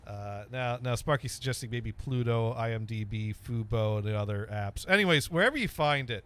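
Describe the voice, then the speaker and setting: A man with a bright, forward voice hosts a relaxed talk show. He rambles along, restarting sentences and filling gaps with ums and uhs, in a mid-range pitch. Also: brisk, clean tone. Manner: rambling, stammering with many fillers. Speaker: podcast host. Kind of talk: casual chat.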